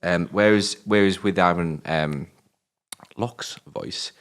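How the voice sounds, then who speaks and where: British male co-host, very low voice, loose rambling film chat with fillers. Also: takes it slowly. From Britain. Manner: rambling, many fillers and restarts, swears casually. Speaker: film review podcast co-host. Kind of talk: casual film discussion.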